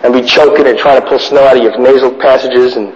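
A man telling wry, animated stories to an audience in a casual way. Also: medium pitch, fast talker, slight background noise. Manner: animated, wry, acts out voices in his stories. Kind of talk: casual anecdotal storytelling to an audience. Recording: echoey hall, dull lo-fi sound.

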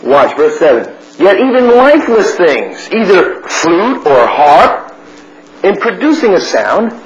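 A man with a high voice teaches through a Bible chapter in sermon style. He is blunt and fires questions at his listeners, then answers them himself. The recording is a little muffled, with a faint hiss underneath. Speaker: preacher teaching a Bible study.

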